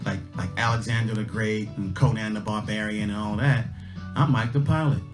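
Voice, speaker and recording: Speaking at a moderate pace in a fairly low voice, a middle-aged man hosts a livestream and tells a casual story about himself. His manner is folksy and emphatic, with his life lessons repeated for effect, and faint guitar music sits in the background.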